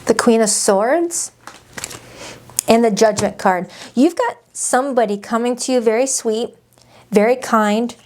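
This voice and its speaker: A woman's voice: a little high, a little slow, a little mellow, slight background noise. A woman doing a casual tarot reading, chatty and emphatic, often repeating her phrases. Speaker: tarot reader.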